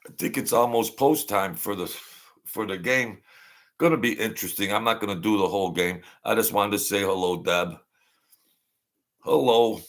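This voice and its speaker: A man's voice: fairly low pitch, moderate pace. A middle-aged man, chatting bluntly and rambling on a casual livestream, often repeating himself. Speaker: livestream host.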